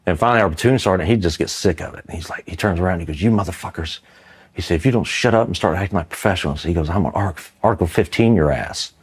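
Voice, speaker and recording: A man's voice: low voice, darkish tone. A middle-aged man from Mississippi, an Army veteran telling a war story in a casual, rambling interview, full of fillers.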